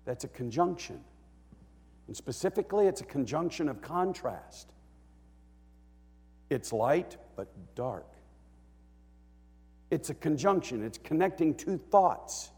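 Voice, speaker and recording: Man, pastor's sermon, slow, fairly high voice, quiet to bellowing, long hall reverb. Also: very animated. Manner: swings from quiet talk to loud bellowing preaching; acts out the psalm writer's cries.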